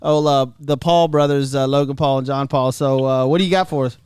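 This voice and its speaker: A man's voice: medium pitch, fairly even intonation, brisk, darkish tone, slight background noise. A man hosting a podcast, steering the talk as a friendly interviewer in casual banter. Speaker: podcast host.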